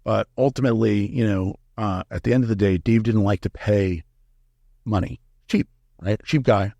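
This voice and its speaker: A man's voice: lowish voice, moderate pace, dark tone, no room sound. A middle-aged man as an interview guest, telling candid, profane stories and acting out the dialogue. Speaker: guest, supplement company founder. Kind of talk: casual interview storytelling.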